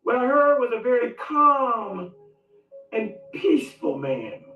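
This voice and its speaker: A man vlogging, telling a comic personal story with dramatic swings between loud outbursts and hushed asides. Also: very high-pitched, animated, takes it slowly, phone-quality sound. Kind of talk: animated storytelling monologue. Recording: echoey room, distant mic, faint music.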